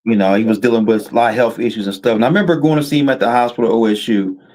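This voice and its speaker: A soft-spoken man guest, talking in a halting, casual way. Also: mid-range voice. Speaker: podcast guest. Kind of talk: casual chat.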